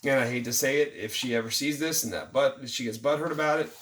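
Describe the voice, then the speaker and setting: A man's voice: medium pitch, fast, few pauses, a bit bright. A man, ranting about the news in a mocking, irritated vlog with jokey asides. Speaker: vlogger. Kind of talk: sarcastic news commentary rant. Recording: roomy, distant from the mic.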